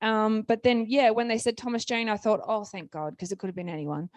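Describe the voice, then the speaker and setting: A woman with an Australian accent, speaking as an author on a panel. She tells lively anecdotes, acts out the people she quotes, and often restarts her sentences. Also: on the high side, brisk, dry recording.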